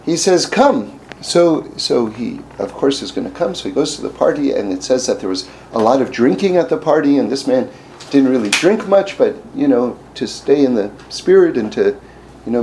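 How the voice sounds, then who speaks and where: Halting, mellow-voiced male teacher. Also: medium pitch, expressive, slight background noise, poor audio. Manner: halting, frequent restarts and fillers. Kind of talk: storytelling lesson.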